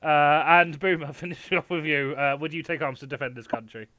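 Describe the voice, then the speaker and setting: A man's voice: a little high, sharp tone, no echo. Giggly man hosting a panel. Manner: giggly, halting. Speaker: quiz host. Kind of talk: comedy panel chat.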